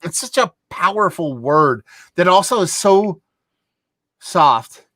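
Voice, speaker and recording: Man, higher voice, dry close sound, animated and profane, casual podcast talk. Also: slow pace, dry recording. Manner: animated, profane, swings loud and soft. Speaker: podcast co-host. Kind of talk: casual chat.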